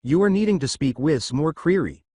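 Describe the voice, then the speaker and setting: A man's voice: fairly high pitch, expressive, moderate pace, dark tone, husky, no room sound, clean studio sound. A man voicing a boisterous adult male English teacher who speaks exaggerated broken English.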